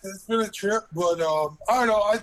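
Man, high pitch, laid-back, laughing, casual guest chat. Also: normal speed, rough recording. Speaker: guest on call. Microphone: phone call.

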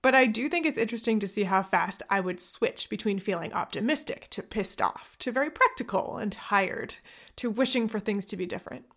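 A woman hosting her own podcast as a physical therapist, talking candidly and reflectively, laughing at herself and dropping now and then into soft near-whispers. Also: medium pitch, lively intonation, fairly quick. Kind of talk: personal podcast monologue.

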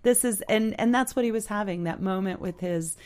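A woman tells a heartfelt story in casual chat. Her voice sits at a middle pitch. She talks haltingly, restarting often and filling pauses with "you know". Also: a little mellow. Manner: earnest, heartfelt. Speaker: storyteller guest.

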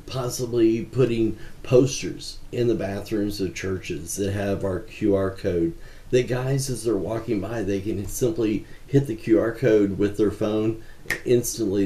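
A man with a very deep, mellow voice answers interview questions in an earnest, measured way, often pausing on fillers. His voice carries a noticeable room echo. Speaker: ministry founder, guest. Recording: roomy echo.

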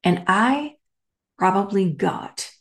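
Woman podcast host, gravelly voice, slow delivery, candid storytelling, echoey room. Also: mid-range voice. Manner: candid, animated storyteller with casual asides. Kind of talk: personal storytelling.

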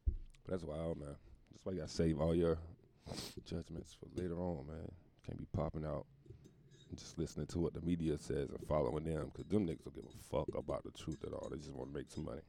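A man's voice: a bass voice, steady tone, fairly quick, creaky, dark tone, dry recording. A male comedian delivering a profane, rambling casual podcast monologue.

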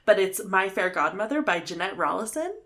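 A woman's voice: medium pitch, animated, a little fast, bright, forceful tone. A young woman co-hosting a book podcast, chatting casually, filling her talk with "like" and laughing often. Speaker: podcast co-host. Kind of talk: casual chat.

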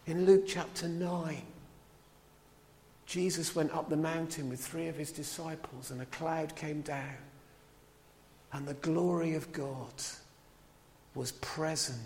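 In a church, a man delivers a lively, chatty sermon, tossing asides to his listeners. His voice is a bit higher than most men's, and the hall leaves a long reverb trailing after it.

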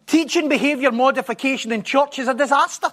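A man preaching a sermon, telling a story with animated repetition and stumbling restarts. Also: extremely high pitch, fast talker.

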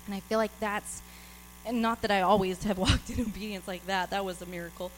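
A woman's voice: medium pitch, steady tone, fairly quick, slight background noise, poor audio. A woman giving an informal, personal sermon and reading scripture aloud. She speaks out of breath, chatty, with laughs and many restarts. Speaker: preacher.

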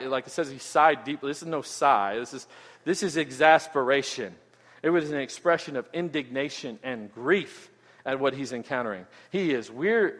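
Pastor, male, fairly high voice, emphatic expository preaching, long hall reverb. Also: a bit bright. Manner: earnest, emphatic, with frequent restarts and "right?" asides. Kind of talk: expository sermon.

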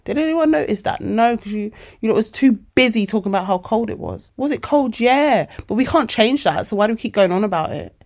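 Animated forty-year-old woman podcaster. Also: mid-range voice, brisk, few pauses. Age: 40s. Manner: animated, emotional, addresses listeners as babes. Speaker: podcast host. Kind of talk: casual motivational monologue.

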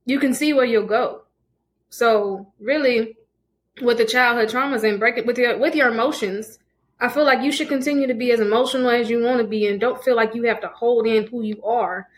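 A woman's voice: a little high, brisk. Earnest woman giving advice. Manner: earnest, reflective, advising. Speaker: podcast co-host. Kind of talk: casual chat.

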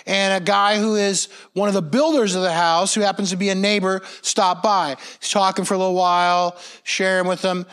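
A pastor delivers a conversational sermon. He sounds earnest, and his voice sits a touch high for a man. He tells stories plainly, often restarting a phrase or repeating a word before going on. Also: level tone, normal speed, few pauses, a bit bright, clear, resonant tone. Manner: earnest, storytelling, frequent restarts and repeated words.

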